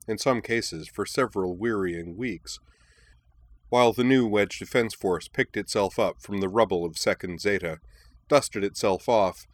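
A man reading a war story aloud in a measured, even narration. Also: fairly low pitch, no echo.

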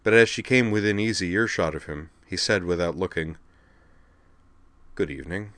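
A man reading a story aloud as an audiobook narrator, in a steady, even storytelling manner. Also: sits low, brisk, no room sound. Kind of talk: scripted narration.

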